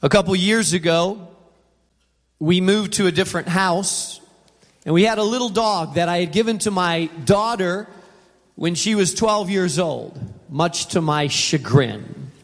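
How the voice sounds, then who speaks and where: A middle-aged pastor with a fairly high voice preaches to a church auditorium in a relaxed, conversational way, acting out the voices in his anecdotes. The sound has the long reverb of a big hall. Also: measured pace. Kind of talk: sermon with personal storytelling.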